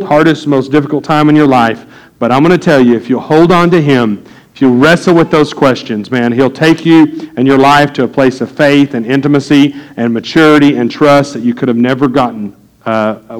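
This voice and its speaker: A man preaching a sermon as pastor, earnest and building to loud, excited preaching. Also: medium pitch, low-quality recording.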